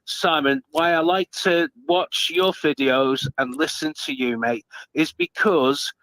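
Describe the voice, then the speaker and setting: A man calling in to a live stream, speaking in a halting, hesitant way with lots of fillers and some swearing. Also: a little high, a bit bright, dry recording, rough recording. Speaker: caller. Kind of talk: casual call-in chat.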